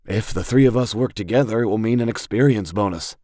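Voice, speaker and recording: A man voicing a calm, tactical male rogue who lays out plans in an even, level-headed way. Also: lowish voice, fairly quick, no echo, clean studio sound, pitched above the performer's own voice, lightly acted. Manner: calm, planning.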